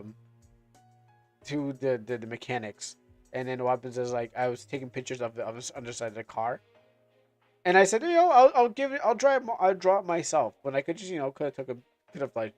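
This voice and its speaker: A man's voice: medium pitch, a little mellow, no echo. A male streamer chats loosely, circling back on his words with plenty of fillers. His voice sits mid-range and sounds dry and close. Faint music plays in the background. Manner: rambling, filler-heavy, restarts often. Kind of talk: casual stream chat.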